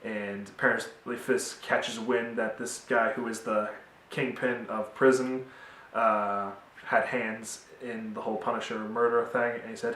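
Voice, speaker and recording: A man's voice: on the low side, flat delivery, a little slow, a bit bright, far from the mic. A young man giving a casual, rambling TV review with many fillers, recorded at home in a roomy space away from the mic. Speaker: TV show reviewer.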